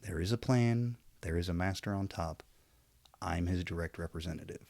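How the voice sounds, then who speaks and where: A man's voice: low-pitched, normal speed, a little mellow, dry recording. A man talking straight to camera in a casual opinion vlog, preachy and rambling, trailing off into self-aware asides. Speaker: vlogger.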